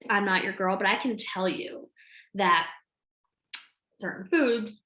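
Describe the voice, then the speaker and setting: A woman coach chatting casually to camera at home, lively and acting out what she and others said. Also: mid-range voice, slow pace. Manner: animated, acts out her own quotes. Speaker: health coach. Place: home room with a board behind her. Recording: echoey room.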